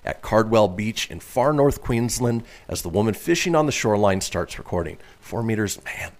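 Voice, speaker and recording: Low-voiced man hosting a chatty radio show. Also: animated, moderate pace. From northern Nevada, US. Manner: chatty, reads news stories aloud with asides.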